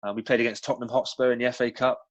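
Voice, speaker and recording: A man with a West Country accent tells stories in a loose, chatty way, full of ums and little restarts. His voice sits at a middling pitch. The recording sounds a bit dull and lo-fi. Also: rapid-fire, no room sound. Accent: West Country English. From West Country of England. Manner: chatty, frequent ums and restarts, animated storytelling. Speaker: guest, former professional footballer. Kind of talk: casual interview answers with anecdotes.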